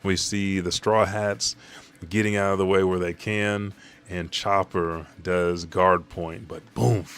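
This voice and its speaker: Low-voiced man recapping casually, swearing. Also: level tone, slow, fairly bright tone, smooth. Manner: casual, profane, rambling. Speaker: manga chapter reviewer.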